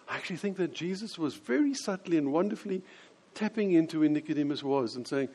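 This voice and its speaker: A man preaching a sermon, explaining scripture and acting out quoted voices with lively changes. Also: fairly high pitch, quick pace, slightly rough. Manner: animated, acts out quoted voices.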